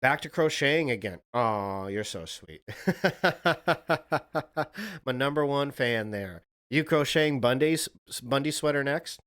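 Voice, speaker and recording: A man's voice: mid-range voice, moderate pace, hardly any pauses, fairly bright tone, clear, resonant tone. A man hosting a livestream, reacting to a video and chatting casually with viewers in a rambling, profane way. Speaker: livestream host.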